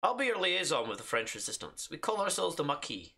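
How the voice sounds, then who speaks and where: Dude doing a french resistance lady from a war game, cheesy fake french accent, bright husky voice. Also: fairly high pitch, very animated, fast, exaggerated voice. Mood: mock-serious. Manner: reading game text aloud in exaggerated fake French accent. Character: female French resistance liaison in mock accent.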